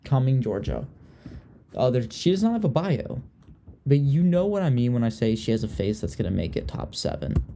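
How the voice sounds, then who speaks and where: Gossipy young man with a dark voice. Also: medium pitch, very animated, moderate pace, creaky, slight background noise. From Richmond, Virginia. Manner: chatty and gossipy, trailing off and restarting. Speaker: podcast host. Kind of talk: casual chat.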